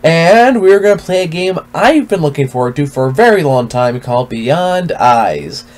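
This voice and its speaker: A man's voice: a little high, big pitch swings, moderate pace, a little mellow. Laid-back, swearing let's play guy. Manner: laid-back, swears casually, thinks aloud. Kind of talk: casual gaming commentary. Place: at home, reclining in a chair.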